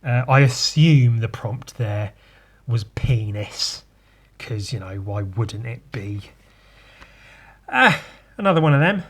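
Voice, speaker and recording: A man's voice: mid-range voice, expressive, takes it slowly, pauses often, breathy edge. A man hosting a podcast in casual chat, joking crudely and rambling as he talks. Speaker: host.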